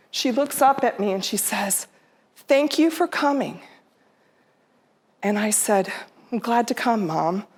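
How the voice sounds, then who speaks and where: Heartfelt woman telling a family story. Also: medium pitch. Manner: heartfelt, quotes her own and her mother's words in her own voice. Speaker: speaker. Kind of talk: storytelling talk to a live audience. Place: theater stage.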